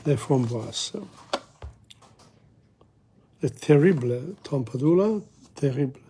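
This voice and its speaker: A man teaching a casual French lesson in English, repeating phrases and chatting as he goes, his voice going hoarse. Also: medium pitch, animated, mellow, slight background noise. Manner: chatty, self-interrupting, repeats phrases slowly. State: losing his voice, coughing. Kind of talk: casual spoken language lesson.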